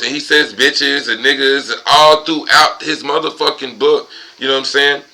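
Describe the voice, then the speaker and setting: Ranting man, bright forceful voice. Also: medium pitch, steady tone, moderate pace, poor audio. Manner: rambling, profane ranting. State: tipsy and high. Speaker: vlogger. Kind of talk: casual profane monologue.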